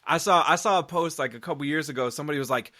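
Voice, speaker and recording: A man from Nebraska, a comedian guest chatting casually on a podcast, animated and rambling with lots of fillers. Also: a little high, very fast, no echo, studio quality.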